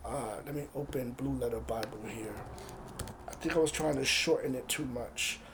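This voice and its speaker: A man preaching a casual, conversational sermon, reading scripture aloud and breaking off for quick asides. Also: mid-range voice, background noise.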